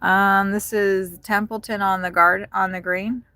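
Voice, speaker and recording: A woman's voice: level tone, a little slow, bright, forceful tone, dry recording. A woman chatting casually with her viewers while driving for food deliveries, swearing now and then. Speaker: delivery driver livestreamer. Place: inside a car. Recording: car rumble in background.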